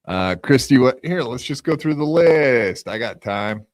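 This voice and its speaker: A man's voice: mid-range voice, expressive, measured pace, no echo. A man hosting a live podcast on his own, delivering a profane, taunting rant and casual sign-off chatter. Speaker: podcast host.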